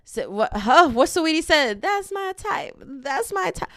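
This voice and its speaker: A woman's voice: sits high, unhurried, no echo, studio quality. A young woman, hosting her podcast and telling a laughing, dramatic story about dating in a casual rant. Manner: animated, laughing, dramatic quoted asides. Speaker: podcast host.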